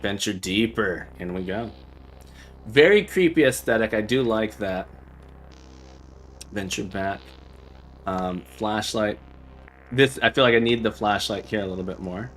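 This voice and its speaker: A man's voice: fairly low pitch, measured pace, pauses often, fairly bright tone, soft background music, low-quality recording. A man hosting a livestream, playing a game and thinking aloud as he sounds out Morse code beeps. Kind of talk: casual livestream chat while playing.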